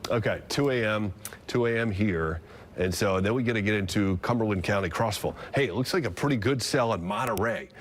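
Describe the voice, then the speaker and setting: A man's voice: lowish voice, fairly quick. A man, a TV meteorologist, giving live severe weather coverage and explaining radar as he goes, with fillers and restarts.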